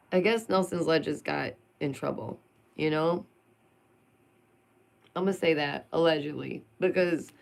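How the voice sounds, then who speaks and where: A woman's voice: fairly low pitch, gravelly. A woman vlogger venting in an emphatic, sarcastic monologue full of rhetorical questions.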